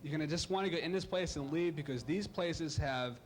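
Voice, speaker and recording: A man from Ohio doing a stand-up comedy routine, animated and slipping into silly voices for his bits. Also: fairly high pitch, brisk. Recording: live club recording with audible crowd noise.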